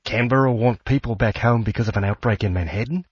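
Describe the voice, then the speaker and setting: A man's voice: mid-range voice, fast, slightly rough, dry recording, highs cut off, pitched above the performer's own voice, natural voice. A man voicing a curt, self-satisfied retired man in an audiobook. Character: gruff retired Australian man, smug and curt.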